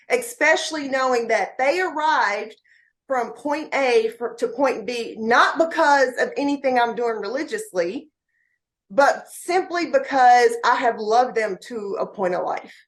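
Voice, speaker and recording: A woman's voice: high-pitched, lively intonation, slow. A woman guest on a podcast, speaking heartfelt and motivational words straight to the listeners. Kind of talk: podcast interview.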